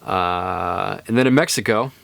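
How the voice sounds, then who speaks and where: A man's voice: sits low, measured pace, creaky, fairly bright tone. A young man hosting a podcast, telling stories in a rambling, laid-back way with lots of fillers. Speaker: podcast host. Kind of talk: casual storytelling monologue.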